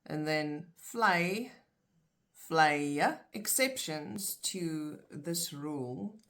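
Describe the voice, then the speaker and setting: A woman teaching vocabulary in a video lesson, saying each word and its plural slowly and carefully, in pairs. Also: sits low, lively intonation, a bit bright. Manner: slow, careful, repeats words in pairs. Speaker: language teacher.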